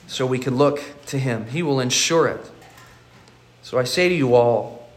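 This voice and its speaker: A man's voice: medium pitch, a little slow. Earnest man preaching in an echoey hall. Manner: earnest preaching with frequent repeated words. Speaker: pastor. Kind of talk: sermon.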